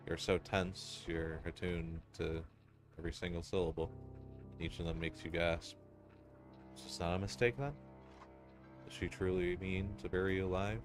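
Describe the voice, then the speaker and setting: A man narrating a dark second-person story in a solemn, ominous and deliberate way. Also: deep voice. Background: music.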